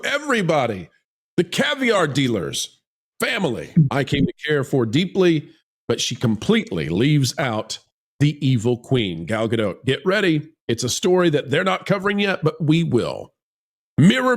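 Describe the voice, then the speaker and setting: A man hosts a sarcastic entertainment commentary show, his voice sitting fairly high and swinging widely in pitch. He reads articles aloud and breaks off into mocking, theatrical asides. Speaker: host of entertainment commentary channel.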